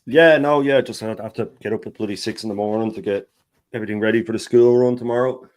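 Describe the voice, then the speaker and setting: A man's voice: on the low side, steady tone, fast, a little mellow. A man with an Irish accent, a chatty guest on a live football stream who tells stories and laughs a lot. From Ireland. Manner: chatty storyteller, laughs often, swears casually. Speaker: guest co-host with own channel. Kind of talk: casual live-stream chat.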